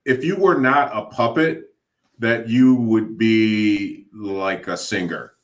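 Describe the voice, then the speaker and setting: Slow-talking man co-hosting a kids' show. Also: lowish voice. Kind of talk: playful kids' show chat.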